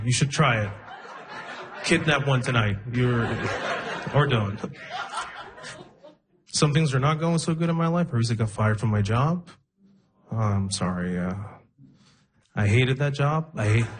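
A young man in his twenties doing a stand-up comedy set live, telling stories in a conversational way and acting out the people in them. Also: medium pitch. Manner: conversational storytelling, acts out quoted people. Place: live comedy show before an audience. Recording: live show with audience noise.

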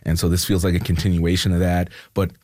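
A man speaking as a culture commentator in a casual panel discussion, explaining in a relaxed way with plenty of fillers. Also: low voice, quick pace, dry recording.

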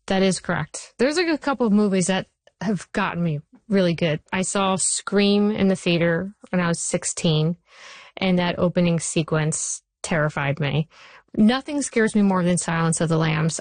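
A woman in her forties, a TV writer, telling animated stories as an interview guest. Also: on the low side, no room sound. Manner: animated storyteller, rushes through anecdotes. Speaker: TV writer and showrunner.

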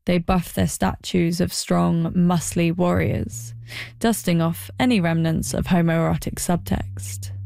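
A woman giving a scripted documentary voice-over in a measured, reflective and wry manner. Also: on the low side, fairly even intonation, creaky, dark tone, no echo, clean studio sound. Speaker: documentary narrator.

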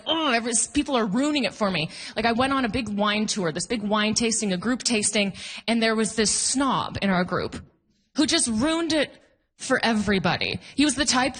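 A woman in her thirties performing a stand-up comedy set, animated and laughing at her own jokes as she acts out other people. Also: a little high. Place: comedy stage before a live audience.

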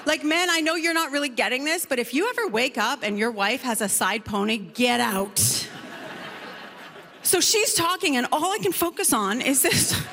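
Animated woman doing stand-up, fairly high. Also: moderate pace, long reverb tail. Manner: animated, conversational storytelling. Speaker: stand-up comedian. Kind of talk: stand-up comedy set. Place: live comedy stage.

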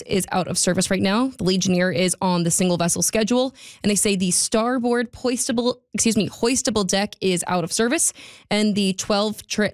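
A woman's voice: medium pitch, no room sound. A woman giving a radio road and traffic report in a studio, chatty with wry, sarcastic asides. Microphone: studio microphone.

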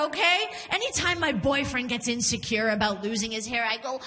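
Brief: high-pitched female comic on a handheld mic, lively, long reverb of the venue. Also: moderate pace, hardly any pauses. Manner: animated, laughs through punchlines, jumps into character voices. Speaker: stand-up comedian. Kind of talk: stand-up comedy set. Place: comedy club stage.

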